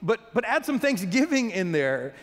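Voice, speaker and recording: High-voiced preaching man in reverberant hall. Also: very animated. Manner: earnest preaching with quick restarts and repeated words. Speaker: pastor. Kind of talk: sermon. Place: church hall.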